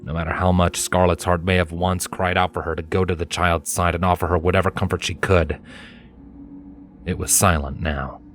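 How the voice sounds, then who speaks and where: A man reading fan fiction aloud in a measured, dramatic narration. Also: low-pitched, level tone. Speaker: fanfiction reader. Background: faint background music.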